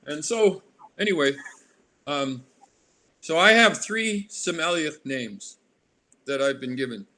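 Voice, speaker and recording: A man's voice: fairly high pitch, expressive, slow, bright, forceful tone. A man in his sixties from Alaska, an artist being interviewed, who drifts into long tangents and loses his thread. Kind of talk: casual interview.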